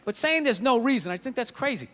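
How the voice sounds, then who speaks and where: A man's voice: extremely high pitch, lively intonation, fast, a bit bright. A middle-aged man doing stand-up comedy, telling stories in a profane, ranting way.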